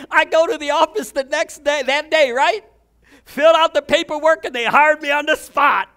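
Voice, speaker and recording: High, bright-voiced fervent male preacher. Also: fairly even intonation, normal speed. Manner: fervent, repeats words, stumbles and restarts. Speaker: pastor. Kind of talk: storytelling sermon.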